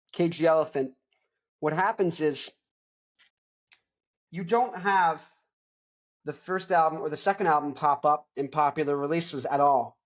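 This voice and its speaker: A young man chats through an album review in a loose, rambling way. He wanders off topic into jokes and back again, with plenty of fillers. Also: on the high side. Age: young adult. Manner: rambling, digressive, jokey. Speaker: host. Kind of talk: casual album review chat.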